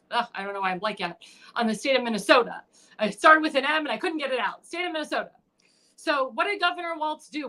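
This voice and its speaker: A woman's voice: high-pitched, bright, forceful tone. A woman hosting her own livestream, giving impassioned political commentary with frequent fillers and restarts. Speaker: livestream show host. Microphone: home livestream mic.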